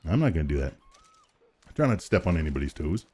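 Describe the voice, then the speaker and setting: A man's voice: extremely low pitch, big pitch swings, quick pace, a little mellow, husky. A man streaming a game and chatting casually, joking and swapping into silly voices. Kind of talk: casual gaming stream chat.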